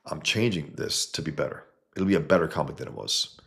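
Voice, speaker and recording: Deep-voiced man, blunt rambling livestream chat. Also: expressive, brisk, creaky, a bit bright. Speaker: livestream host. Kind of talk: casual livestream chat, reading viewer comments.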